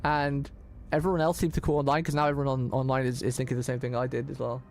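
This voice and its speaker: Fast, rambling streamer man. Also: mid-range voice, level tone, darkish tone. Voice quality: rambling, repeats himself, many restarts. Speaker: vtuber streamer. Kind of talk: casual live-stream commentary.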